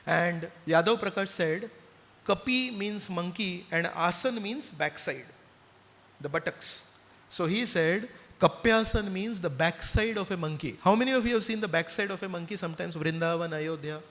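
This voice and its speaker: Animated Indian man in an echoing hall. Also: high-pitched, moderate pace. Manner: animated storyteller, asks the audience questions. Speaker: spiritual speaker. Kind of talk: devotional talk with storytelling. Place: temple hall with listeners. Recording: long reverb of a hall.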